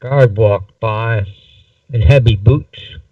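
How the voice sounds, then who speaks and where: A man reading a story aloud slowly and deliberately, in a dull, distant amateur recording. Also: lowish voice, no echo. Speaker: narrator.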